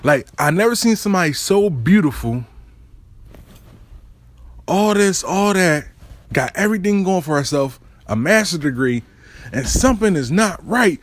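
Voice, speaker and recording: Profane animated male storyteller. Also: high-pitched, moderate pace, long pauses, no echo. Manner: profane, animated street slang. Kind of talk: casual storytime.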